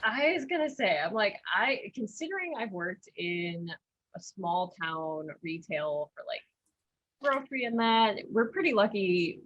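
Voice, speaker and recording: A woman's voice: mid-range voice, very animated, a little slow, fairly bright tone, lo-fi sound. A woman co-hosting a casual chat, speaking plainly and briefly. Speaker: podcast co-host.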